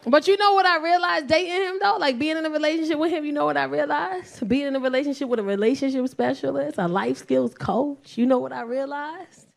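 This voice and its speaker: Loud foul-mouthed new york lady doing stand-up, kinda high voice. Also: fast talker, creaky. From South Bronx, New York. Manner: brash, profane, loud bursts and mock voices. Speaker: stand-up comedian. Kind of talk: stand-up set.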